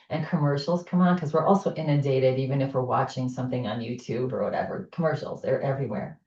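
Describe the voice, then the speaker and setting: A woman teaching a chair yoga class, guiding breathing exercises with gentle, calm instructions and soft affirmations. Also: rumbling low. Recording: echoey room, distant mic, dull sound.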